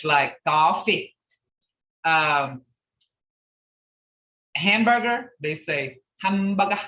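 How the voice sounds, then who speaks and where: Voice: medium pitch, pushed and bright, far from the mic. An older language teacher leading an online class, repeating and drilling words between chatty asides, heard over a video call. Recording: roomy, dull video-call audio.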